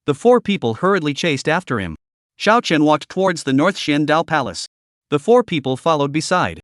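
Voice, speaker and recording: A man narrating a fantasy comic story in scripted form, with steady storytelling delivery. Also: a little high, normal speed, dry recording, clean studio sound. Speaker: recap narrator.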